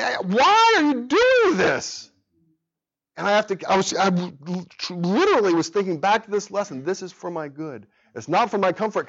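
A man's voice: sits high, lo-fi sound. Earnest man teaching Sunday school. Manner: earnest, conversational, animated when telling stories. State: tired from a sleepless night. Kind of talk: adult Sunday school lesson.

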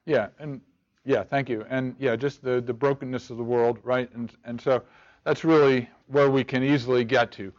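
A man's voice: medium pitch, fairly even intonation, moderate pace, a little mellow, highs cut off. A man leading a church study group, asking rhetorical questions and often restarting his words. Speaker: Bible study teacher. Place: room with a group of listeners.

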